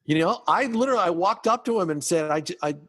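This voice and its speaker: A man's voice: high voice, quick pace, long reverb tail. A man, a party DJ and MC, telling a story on a podcast in casual chat, acting out the lines of the people in it. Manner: animated storyteller acting out dialogue.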